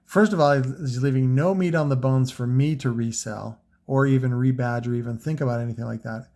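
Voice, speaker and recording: Gravelly man rambling about car audio. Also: mid-range voice, fairly even intonation, fairly quick, a little mellow. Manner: rambling, frequent fillers and profanity. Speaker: car audio seller reviewing products. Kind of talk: casual unscripted product talk.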